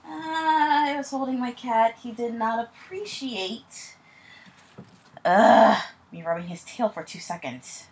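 A woman's voice: a little high, slow, darkish tone. A woman in casual, playful chat as a co-host on a home microphone.

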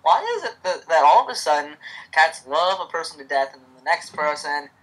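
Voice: medium pitch, expressive, fairly quick, a bit bright, poor audio. The host of a live fanfic reading, narrating and chatting in a rambling way with lots of fillers on a home microphone.

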